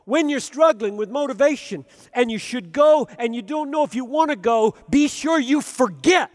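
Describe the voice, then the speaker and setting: A man preaching a sermon, earnest and emphatic, often dropping to soft, low tones. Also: normal speed, long reverb tail.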